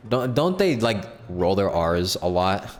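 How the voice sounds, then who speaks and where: A man's voice: sits low, very animated, measured pace, in a large hall. A man streaming, voicing a game and chatting loosely with jokes and swearing. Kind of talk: casual commentary while voicing a game.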